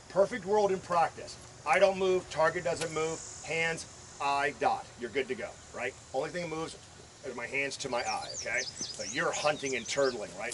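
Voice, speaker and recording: A male instructor lectures a class at an outdoor shooting range in a loose, joking way, swearing freely and tossing questions to the group. His voice sits at an ordinary middle pitch for a man. The recording is noisy, with clear outdoor sound running underneath him. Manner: joking, profane, quizzes the class. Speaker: firearms instructor.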